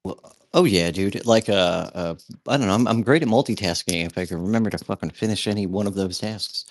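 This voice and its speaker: A man's voice: deep voice, fairly quick. A man telling a rambling, profanity-filled anecdote in casual chat.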